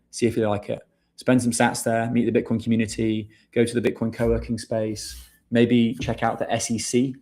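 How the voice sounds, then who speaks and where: Reading through viewer questions on a laid-back livestream, a man talks in a medium-pitched voice that's creaky and dark in tone. He chats casually and calls everyone mate.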